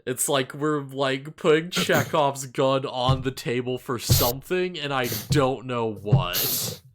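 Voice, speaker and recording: A man's voice: mid-range voice, slow pace, slight background noise. A man chatting casually as a co-host of an anime review show, rambling with lots of fillers and upbeat asides. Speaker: podcast co-host. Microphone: face cam with desk mic.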